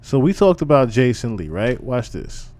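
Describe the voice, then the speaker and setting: A man's voice: mid-range voice, sing-song, moderate pace, a little mellow. A man hosting a live stream, commenting casually on a clip in a loose, emphatic way that repeats phrases.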